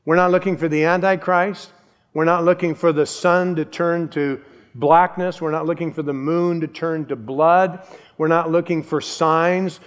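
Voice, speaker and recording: A man's voice: on the high side, big-room sound. An older man, a pastor, giving a sermon in a conversational, humorous way. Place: church sanctuary.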